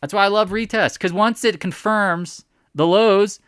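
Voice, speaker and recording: A man hosting a casual live stock market recap, animated and sarcastic, often teasing imagined viewers. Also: high voice, a little slow, clean tone, dry recording, clean studio sound.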